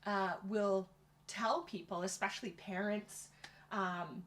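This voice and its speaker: A woman's voice: medium pitch, fairly even intonation, fairly bright tone. Thoughtful woman youth pastor. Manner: thoughtful, reflective, measured. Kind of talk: casual interview conversation.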